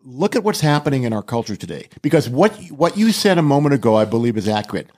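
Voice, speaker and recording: A man's voice: medium pitch, sing-song, fast talker, a little mellow. An older man, a ministry speaker, talking earnestly and with emphasis in a casual podcast chat.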